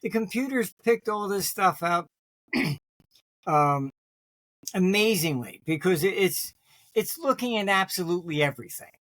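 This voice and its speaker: A man being interviewed, telling long rambling anecdotes about his forecasts, often clearing his throat and restarting sentences. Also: sits high, animated, unhurried, pauses often, fairly bright tone, no echo. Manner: restarts sentences, many fillers. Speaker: interview guest, market forecaster.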